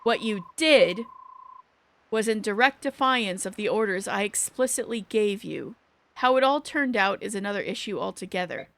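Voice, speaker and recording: A woman's voice: medium pitch, animated, vocal fry, a bit bright, no room sound, voice pushed down. A woman voicing a stern female deputy commander who scolds her soldiers in a game. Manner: scolding, measured.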